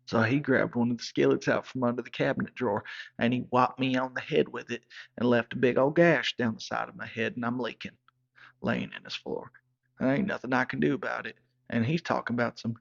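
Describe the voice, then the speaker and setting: A man with a medium-pitched voice and vocal fry, speaking at a moderate pace, tells a rowdy, profane comic story in a rambling backwoods style, like a regular storyteller. The lo-fi recording sounds dull.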